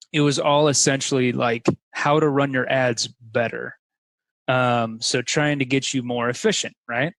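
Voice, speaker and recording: A man's voice: mid-range voice, no echo, low-quality recording. Rambling man telling a story, dry sound. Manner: rambling, lots of fillers like "like" and "you know". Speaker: guest. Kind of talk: casual conversation.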